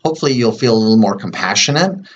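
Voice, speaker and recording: Guy with a lowish voice walking you through tapping, slow and plain, lots of ums and okays, kinda dull lo-fi sound. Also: expressive, slight background noise. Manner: slow, plain explanations with fillers and repeated "okay"; murmurs repeated tapping phrases softly. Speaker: EFT tapping practitioner. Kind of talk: demonstrating a tapping routine to camera.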